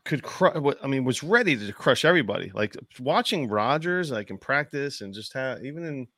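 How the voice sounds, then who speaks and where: A man co-hosting a fantasy football podcast in casual chat, rambling and animated and swearing often. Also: medium pitch, a little fast, dry recording.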